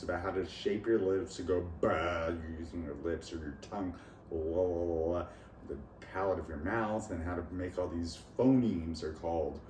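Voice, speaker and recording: Deep and a little mellow, a man's voice carries through an echoey, noisy room where he sits far from the microphone. He's a vlogger rambling alone about accents and his language studies, hopping between ideas and laughing at his own jokes.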